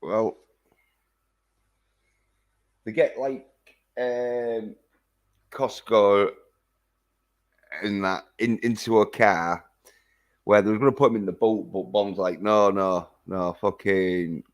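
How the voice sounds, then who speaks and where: Guy retelling a movie plot, rambly and sweary, deep voice, takes his time. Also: slow, long pauses. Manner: rambling, hesitant, swears a lot. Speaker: film reviewer. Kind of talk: casual film recap.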